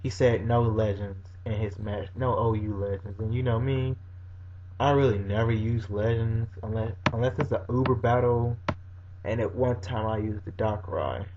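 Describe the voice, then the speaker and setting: A man giving casual, animated commentary over a video game battle, reacting with frequent exclamations. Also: on the low side, moderate pace. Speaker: gaming commentator. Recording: dull lo-fi recording with faint hum.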